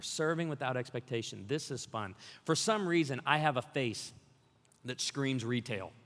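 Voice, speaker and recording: A man preaching a sermon as pastor, telling funny stories and building to energetic exhortation. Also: mid-range voice, normal speed. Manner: storytelling with humor, rising to energetic exhortation. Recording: long hall reverb.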